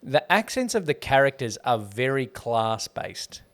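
A man's voice: medium pitch, big pitch swings, a bit bright. Joking man rambling in casual chat. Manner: joking, rambling, quick to laugh. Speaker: podcast co-host.

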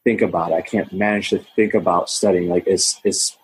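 A man's voice: sits low, steady tone, brisk, slightly rough, rough recording. A young man talking casually as a podcast guest, rambling with many fillers and restarts. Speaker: podcast guest, Mandarin learner. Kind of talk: casual conversation.

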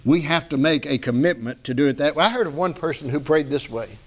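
High-voiced preacher man, earnest. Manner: earnest preaching with slow emphatic stretches. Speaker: pastor. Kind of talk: sermon.

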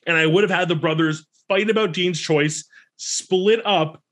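Guy cohosting a podcast, kinda high voice, opinionated and animated, laughs a lot. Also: a little slow. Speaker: podcast co-host. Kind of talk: casual chat.

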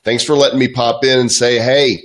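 A man dropping in as a guest, relaxed and friendly in casual chat. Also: mid-range voice, moderate pace.

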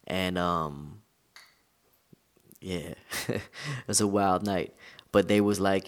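Deep-voiced man telling stories casually. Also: slow pace, pauses often. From United States. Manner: relaxed, conversational, slangy storytelling. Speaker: interview guest. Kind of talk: casual storytelling interview.

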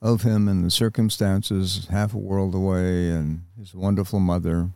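Deep gravelly older man, halting. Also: level tone, darkish tone, no echo, studio quality. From United States. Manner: halting, reflective, with many pauses. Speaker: interview guest, Vietnam veteran. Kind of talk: reflective interview talk.

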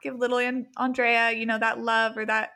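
A woman's voice: a little high, flat delivery, moderate pace, sharp tone. A woman mindset coach as a podcast guest, talking in an earnest, reflective casual chat with many ums and likes.

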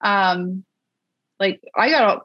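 A woman co-hosting a podcast, chatting in an animated, self-mocking way with many restarts. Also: mid-range voice, takes it slowly, no room sound. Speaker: podcast co-host. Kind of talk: casual chat. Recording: dull, dry recording.

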